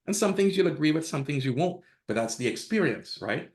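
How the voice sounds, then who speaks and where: A man's voice: fairly high pitch, expressive, fairly quick. A man guest on a podcast, telling candid personal stories in a casual way and acting out the quotes. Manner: candid, laughs at own stories, acts out quotes. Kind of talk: casual storytelling interview.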